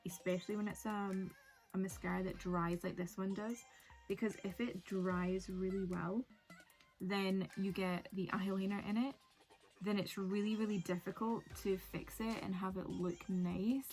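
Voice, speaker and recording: A woman's voice: mid-range voice, little pitch movement, measured pace, darkish tone, soft background music. A young woman, chatting casually and rambling through a make-up tutorial with many fillers. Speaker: beauty vlogger.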